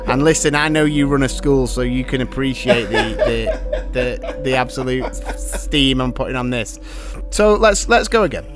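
A man's voice: mid-range voice, lively intonation, normal speed, over music. A man co-hosting a podcast, a casual chat, teasing his friend and laughing often. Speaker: podcast co-host.

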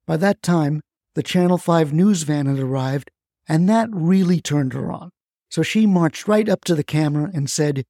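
A man's voice: fairly high pitch, moderate pace, mellow, dry recording, clean studio sound. A man narrating a scripted story in a wry, folksy way, with asides to the listener. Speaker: storyteller, the grandson.

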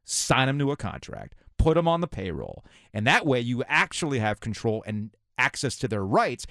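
A man's voice: mid-range voice, sing-song, moderate pace, fairly bright tone, no echo, studio quality. A man hosting sports talk radio, ranting sarcastically. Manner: sarcastic, ranting, mocking voices of officials.

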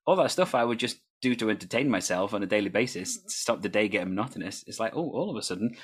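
A man's voice: lowish voice, fast talker, husky. A man who works as a teacher and improviser, talking casually and fluently in an anecdotal, storytelling way. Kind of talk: casual chat.

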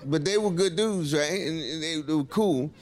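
A man doing a stand-up comedy set, telling a loose, animated story full of profanity and acted-out quotes. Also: a little high, normal speed. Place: stage before a live audience. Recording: live club recording with loud crowd noise.

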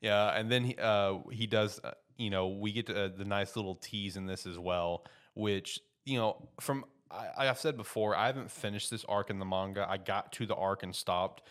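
A man with a very low voice talks casually through an anime episode. He rambles with plenty of fillers and gets animated as he retells the big scenes. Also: normal speed, hardly any pauses. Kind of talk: casual anime recap chat.

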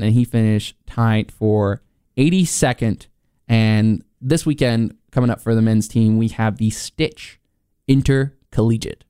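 Smooth-voiced young man reading sports results. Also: medium pitch, darkish tone, no room sound, clean studio sound. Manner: chatty, reads results with fillers. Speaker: sports show host. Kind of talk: casual sports results rundown.

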